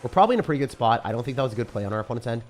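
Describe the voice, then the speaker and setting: A man with a rough morning voice giving casual live commentary on a game he is playing, chatting and reading viewer comments aloud. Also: mid-range voice, animated, rapid-fire, soft background music. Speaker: game streamer.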